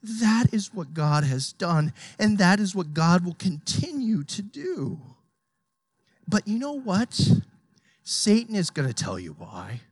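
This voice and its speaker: A preacher giving an impassioned, emphatic sermon, swinging from hushed to loud. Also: medium pitch, sing-song, slow, breathy edge, no echo.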